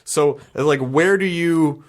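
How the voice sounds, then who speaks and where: A man's voice: fairly high pitch, slow pace. A middle-aged man hosting a casual podcast interview, asking long, thoughtful questions with restarts. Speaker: podcast host.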